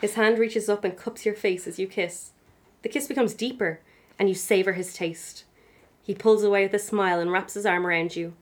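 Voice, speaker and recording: A young woman, reading her old fan fiction aloud on a comedy podcast, giggling and poking fun at herself between passages. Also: on the low side. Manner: giggly, self-mocking, laughing through the reading. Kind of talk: reading aloud with comic asides.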